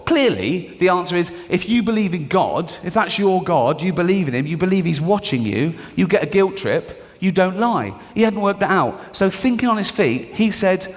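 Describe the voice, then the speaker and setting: A man's voice: high-pitched, sing-song, normal speed, big-room sound. A middle-aged Englishman with an English accent doing a mocking stand-up comedy routine. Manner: mocking, sardonic, acts out characters in the bits.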